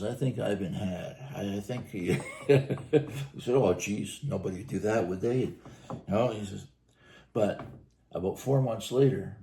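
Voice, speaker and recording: A man's voice: on the low side, creaky, warm tone, slight background noise. A man, co-hosting a podcast and telling firehouse stories in a rambling, chuckling way. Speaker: podcast co-host, firefighter telling station stories. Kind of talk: casual storytelling chat.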